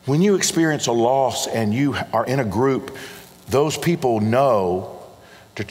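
A man's voice: medium pitch, lively intonation, measured pace, darkish tone. A man preaching a sermon as a pastor, earnest and pastoral, often repeating phrases for emphasis. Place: church auditorium. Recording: long reverb of a large hall.

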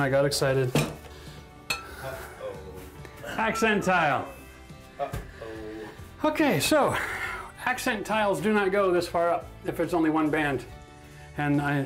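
Chatty man teaching tile work. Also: a little high. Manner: chatty, self-mocking, laughs often. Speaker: renovation instructor. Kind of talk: casual DIY tutorial. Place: indoor bathroom job site.

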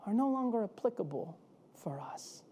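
A woman preacher delivering a sermon, telling a story with dramatic pauses. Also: a little high, very animated, mellow, slightly rough.

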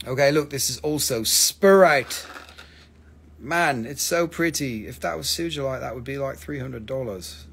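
A man's voice: medium pitch, measured pace, gravelly, a bit bright, a little hiss or hum. A man hosting a casual live stream that sells minerals, talking loosely and joking around, swearing now and then and spelling out stone names, on a phone mic.

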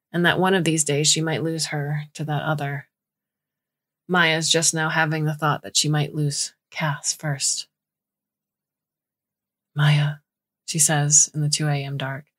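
A woman narrating a short story in a measured, scripted reading. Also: low-pitched, a bit bright.

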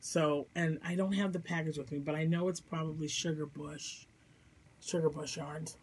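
A woman's voice: low voice, fairly even intonation, moderate pace, darkish tone, slightly rough. A woman hosting a crochet vlog from home, chatty and enthusiastic, rambling about her projects with a Midwestern American accent. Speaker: crochet podcast host. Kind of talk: casual chat. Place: home room.

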